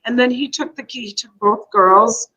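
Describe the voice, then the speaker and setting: A woman's voice: on the high side, normal speed, pushed and bright, husky. Woman, live chat host, tearful, rambling, chats with viewers, muffled lo-fi sound. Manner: emotional, rambling, reads out viewer comments.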